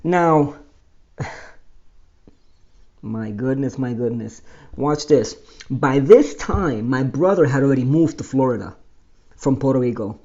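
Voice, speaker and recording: Man, storyteller, animated, mellow voice, slightly dull lo-fi recording. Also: mid-range voice, slow pace, pauses often. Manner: animated, explains with pointing and numbering. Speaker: host telling his life story. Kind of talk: casual personal storytelling.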